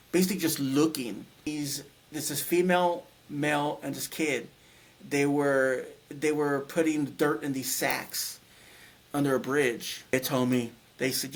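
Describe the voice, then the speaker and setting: A man recounting a personal experience as a guest, speaking in halting phrases and searching for words. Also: on the high side. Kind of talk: personal storytelling.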